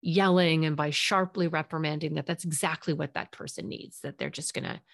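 A woman's voice: deep voice, fairly even intonation, a little fast, no echo, clean studio sound. A woman therapist hosting a parenting podcast, talking earnestly and conversationally and sometimes acting out short quotes. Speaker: podcast host, child and family therapist. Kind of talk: solo parenting podcast talk.

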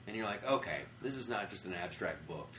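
An American man, a comedian, telling travel stories in a casual interview, animated and profane, acting out the people he quotes. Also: on the low side, a little fast, roomy sound, a little hiss or hum. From United States. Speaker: comedian guest. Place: comedy club after a show.

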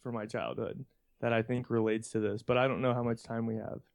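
A man's voice: mid-range voice, little pitch movement, brisk, gravelly. A young man casually telling a rambling childhood anecdote on a podcast, often laughing as he talks. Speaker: podcast co-host.

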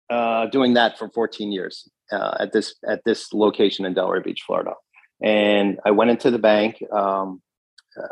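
Earnest low-voiced man recounting. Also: low-quality recording. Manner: earnest, recounts events with restarts and quoted dialogue. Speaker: gun shop owner, guest. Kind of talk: interview, telling his story.

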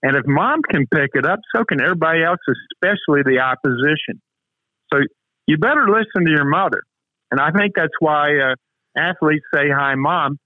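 A man's voice: on the high side, animated, moderate pace, no echo. A man coaching with emphatic rhetorical questions as a guest on a talk show. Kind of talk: motivational interview talk. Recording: tinny phone-like remote line.

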